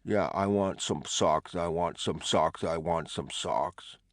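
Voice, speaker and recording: A man voicing a troubled male asylum patient who mutters the same complaint over and over, softly and slowly. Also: sits low, no echo, studio quality. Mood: mumbling fixated. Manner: mumbling, repetitive, subdued.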